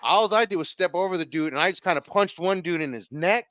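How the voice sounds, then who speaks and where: Guest storyteller, male, slangy and animated, crisp clear voice, dry close mic. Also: high voice, fast, no room sound. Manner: slangy, profane, animated retelling with acted quotes. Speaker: podcast guest. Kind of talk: casual storytelling.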